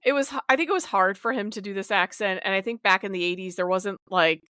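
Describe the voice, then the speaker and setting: Woman, podcast co-host, smooth dry voice, lively and chatty. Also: medium pitch, quick pace, dry recording. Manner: lively, chatty, laughs often. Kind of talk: casual chat.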